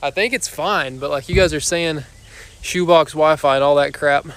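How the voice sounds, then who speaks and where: A man's voice: a little high, normal speed, fairly bright tone. A young man hosting a casual livestream from his backyard on a phone, out of breath after exercising, chatting and joking with viewers in a loose, chatty way. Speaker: livestream host. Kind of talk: casual live chat with viewers. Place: backyard outdoors.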